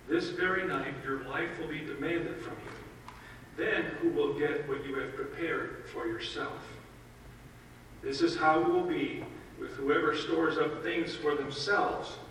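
A man reads scripture from the front of a church, measured and clear, with a bright, forceful tone. He sounds distant from the microphone, and the big sanctuary throws back a long echo over a faint hiss. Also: a little high. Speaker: gospel reader at a church service. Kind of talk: reading scripture aloud. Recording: echoey church from far off with noise.

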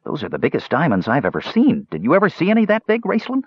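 A man voicing a small, eager, curious male kender in a high, excited voice. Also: quick pace, breathy edge, no room sound, lo-fi sound, exaggerated voice. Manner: high, excited and wide-eyed. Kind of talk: audiobook character voice.

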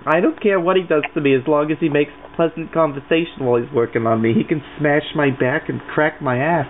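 A man's voice: a little high, fairly quick, lightly acted. Man doing a fussy lonely old woman. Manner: dramatic, fussy, oversharing. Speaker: prank caller. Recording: tinny phone line, faint hiss.

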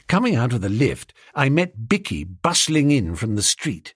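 A man reading a comic novel in the first person, in a jaunty, animated storytelling manner. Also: mid-range voice, moderate pace, hardly any pauses, slightly rough, dry recording, clean studio sound. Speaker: audiobook narrator.

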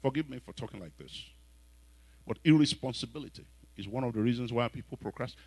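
A man with a Nigerian accent preaching a sermon, telling stories and breaking into sudden loud exhortations. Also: medium pitch, lively intonation, fast, breathy edge, no room sound, poor audio.

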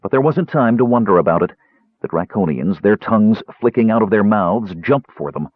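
A man reading a fantasy novel aloud in an expressive, dramatic narration. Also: on the low side, fairly quick, dry recording. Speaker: audiobook narrator. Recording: tinny narrow-band dry recording.

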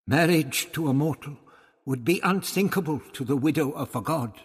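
A man voicing a scheming male courtier who talks smoothly and persuasively, in an audiobook reading. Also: a little high, normal speed, big-room sound, pitched above the performer's own voice.

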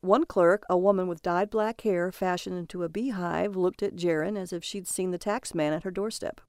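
A woman reads a noir tale aloud in a smooth, clear voice. Her telling is steady and measured. The recording is close and dry, with no room sound. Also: lowish voice, no echo. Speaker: narrator. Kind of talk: scripted story narration.

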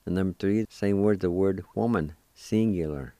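A man with a low, mellow voice leads a radio language lesson. He spells each word out letter by letter and repeats every pronunciation slowly and patiently. The sound is smooth and dry, close to the mic. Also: no echo. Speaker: radio language teacher and host. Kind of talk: spelling and pronouncing words for learners.

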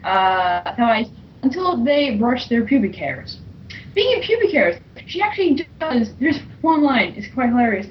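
A fairly high-voiced woman with a thick accent chats casually on a podcast, summarizing a comic. She hesitates, mumbles, and laughs things off. The audio is dull and lo-fi. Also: very animated, normal speed, slight background noise. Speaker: co-host reading a comic aloud.

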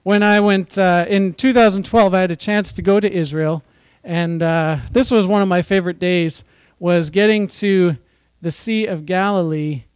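A man's voice: sits high, fairly even intonation, normal speed, smooth, dry recording. A man giving an informal Bible teaching, reading scripture with chatty, jokey asides. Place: church or fellowship hall.

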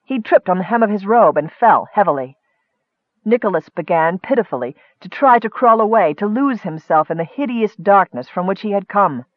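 A man reading a fantasy story aloud in a measured, expressive way. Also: sits high, no room sound. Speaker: narrator. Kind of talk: audiobook narration. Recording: dry, muffled audio.

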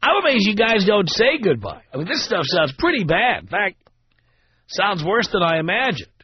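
A man's voice: high-pitched, very animated, normal speed, slightly rough, dry recording. Wry radio call-in host, man. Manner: wry, dry teasing. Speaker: radio talk show host. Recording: studio mic, dry, slightly dull.

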